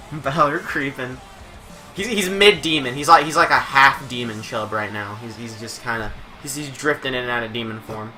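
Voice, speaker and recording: A man's voice: mid-range voice, normal speed, bright, forceful tone, faint music behind. A young man live-streaming a wrestling video game, rambling and joking through mock play-by-play commentary from home. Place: home room while streaming.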